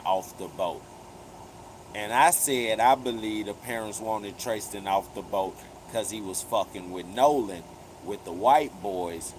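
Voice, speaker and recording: A man hosts a live commentary stream. He talks slowly in a low voice, retelling events with emphatic, profane street slang. A steady air-conditioning hum and noise sit clearly behind him. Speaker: livestream commentary host.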